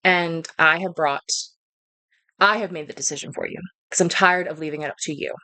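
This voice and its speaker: A woman's voice: low voice, fairly even intonation, a little fast, pushed and bright. Woman playing a stern weary fairy queen. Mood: firm. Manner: firm, clipped, impatient.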